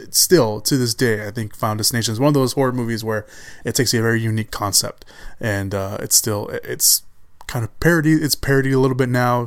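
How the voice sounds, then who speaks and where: A man's voice: medium pitch, no echo, studio quality. A man hosting a solo film podcast in casual chat, rambling with restarts and fillers, laughing now and then as he enthuses. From Chicago area, USA. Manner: enthusiastic about films, laughs often. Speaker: podcast host.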